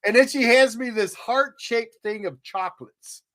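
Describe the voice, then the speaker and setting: A man's voice: very high voice, moderate pace, a bit bright. An older man co-hosting a podcast, telling stories in a rambling, folksy way with frequent chuckles. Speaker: podcast co-host. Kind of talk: casual chat.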